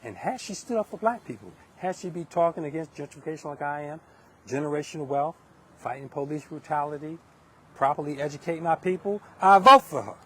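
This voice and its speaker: A man's voice: fairly high pitch, a little fast, darkish tone, slight background noise. A middle-aged man from Long Island, hosting a live political monologue in an emphatic, preachy way with many restarts. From Hempstead, Long Island, New York. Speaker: livestream host.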